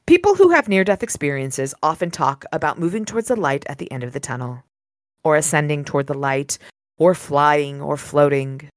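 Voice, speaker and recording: Excitable woman reading a novel aloud. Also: low-pitched, no room sound, studio quality. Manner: excitable, swears when surprised. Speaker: podcast host.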